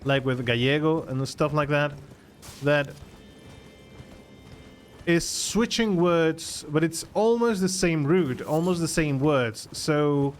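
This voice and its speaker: A man's voice: a little high, lively intonation, takes it slowly, pauses often, faint music behind. A man from the Canary Islands with a Spanish accent and Spanish as his native tongue, chatting casually in English while streaming a game and often restarting his words. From Canary Islands, Spain. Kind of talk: casual live gameplay chat.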